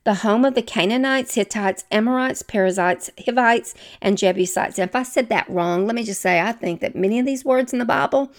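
A woman's voice: fairly high pitch, a little fast, few pauses. A woman from the American South with a Southern accent, teaching from the Bible in a conversational way and turning to her listeners with chatty, self-deprecating asides.

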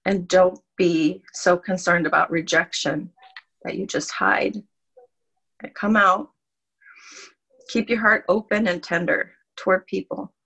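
A woman shares her faith in a relaxed, reflective way, and her voice often drops into a gravelly fry. She rambles a little and laughs softly between thoughts. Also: on the low side, slow pace, long pauses, low-quality recording. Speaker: guest participant in a ministry challenge. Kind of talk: casual faith testimony.

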